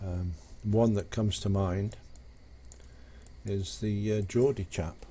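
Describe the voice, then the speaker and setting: A man's voice: fairly low pitch, steady tone, slow pace, warm tone, breathy edge. A man chatting casually on a live game stream, telling jokes in a rambling, hesitant way with many fillers.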